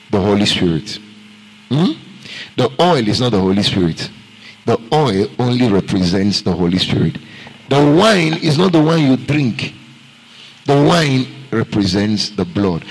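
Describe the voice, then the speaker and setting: A man with a Nigerian accent, a pastor preaching a sermon emphatically and checking in with the congregation with quick asides. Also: mid-range voice, slightly rough, poor audio.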